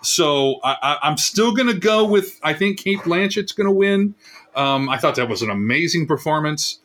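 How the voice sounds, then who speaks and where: A man's voice: fairly high pitch, lively intonation, normal speed, fairly bright tone. A man on a casual panel discussion, called professor, thinking aloud and hedging his picks.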